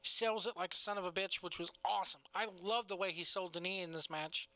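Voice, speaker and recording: A man's voice: sits high, a little fast, pushed and bright, smooth, dry recording. A man co-hosting a casual wrestling review podcast, laughing often and talking in a loose, cussing way. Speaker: podcast co-host.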